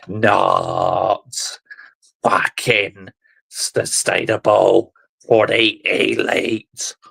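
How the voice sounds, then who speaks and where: Brief: man, fan vlog rant, slow delivery with wild pitch swings, sarcastic and fed up. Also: gravelly, a bit bright, husky. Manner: exasperated, sarcastic, swears, keeps addressing "people". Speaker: football fan vlogger.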